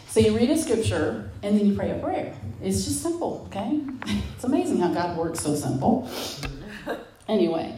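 A middle-aged woman sharing a spiritual testimony as a guest. She tells it as an animated story, acts out her own past words and speaks straight to her listeners. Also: medium pitch, normal speed, a little hiss or hum. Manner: talks straight to listeners as "y'all". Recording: roomy sound from a distant mic.

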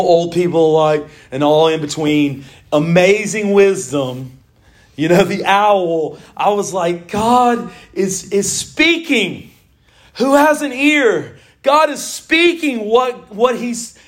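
A man, preaching an animated sermon in church as the pastor, telling stories and reading scripture. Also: high-pitched. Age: 40s. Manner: animated storytelling preaching, mimics owl calls.

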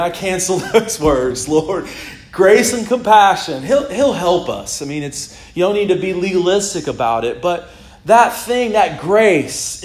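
A middle-aged pastor preaching in a relaxed, conversational way that keeps breaking into laughter and excited shouts. His voice sits fairly high for a man. The sound carries the echo of a church room. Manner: casual, animated preaching with laughs and bursts of shouting. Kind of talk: sermon. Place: church sanctuary.

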